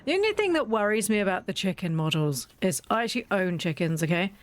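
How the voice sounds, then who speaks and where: A woman's voice: medium pitch, big pitch swings, fast talker. A woman streaming a farming game while sick and sore-voiced, chatting casually and self-deprecatingly, laughing and greeting viewers by name. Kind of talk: casual live-stream chat while playing. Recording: faint background game music.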